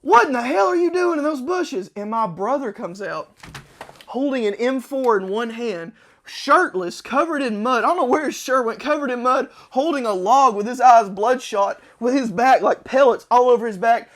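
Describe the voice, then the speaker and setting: High-voiced man telling a story. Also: moderate pace. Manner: animated, acts out quotes with loud shouts. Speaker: podcast host. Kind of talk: casual storytelling.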